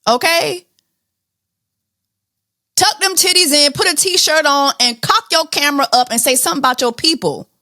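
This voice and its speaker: A woman hosting a podcast, talking through celebrity news in an animated, blunt, profane way. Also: high voice, moderate pace, pauses often, no room sound, studio quality. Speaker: podcast host. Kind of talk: casual celebrity news chat.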